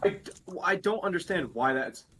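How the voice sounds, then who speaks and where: A man's voice: high voice, lively intonation, normal speed, bright, forceful tone, breathy edge. A young man co-hosting a casual reaction chat, mocking and exasperated. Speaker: co-host.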